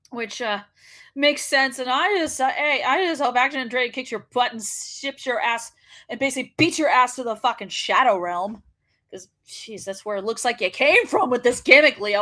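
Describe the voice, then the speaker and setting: High bright profane woman host ranting. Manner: profane, ranting, laughs often. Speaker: wrestling show host. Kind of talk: casual livestream commentary.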